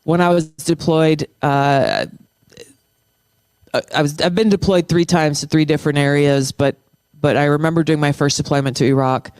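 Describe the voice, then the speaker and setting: Middle-aged veteran guest: earnest, impassioned, smooth-voiced, on a dry close mic. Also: medium pitch, fairly even intonation, no echo. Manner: impassioned, restarts phrases, slows down for emphasis. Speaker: guest, military veteran and former state lawmaker. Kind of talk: earnest conversational interview.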